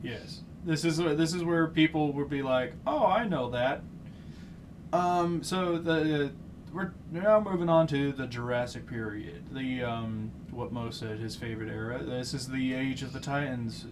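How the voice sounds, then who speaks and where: A man co-hosting a casual podcast chat, excitable and tripping over hard names. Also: medium pitch, moderate pace, slight background noise. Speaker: podcast host.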